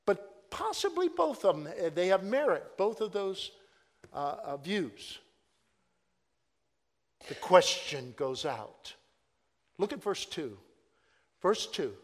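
A man preaching a sermon, swinging between loud proclaiming and hushed, drawn-out asides. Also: sits high, very animated, long reverb tail.

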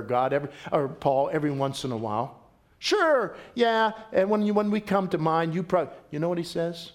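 Animated, emphatic male preacher. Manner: emphatic, conversational preaching with sudden rises in pitch and volume. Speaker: pastor. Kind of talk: sermon.

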